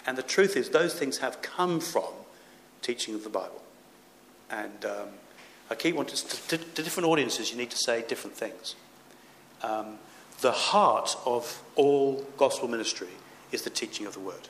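A man's voice: mid-range voice, animated, normal speed, a bit bright. Earnest preaching man in an echoey room. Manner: earnest, emphatic preaching with rising exhortations. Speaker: pastor. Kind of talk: sermon. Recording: echoey room with faint background noise.

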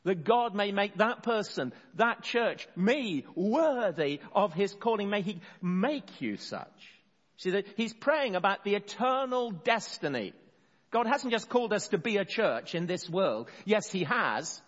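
A man preaching an expository sermon, earnest, slowing down to stress key words and often restarting phrases. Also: high-pitched, big pitch swings. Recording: dull sound in a long-reverb hall.

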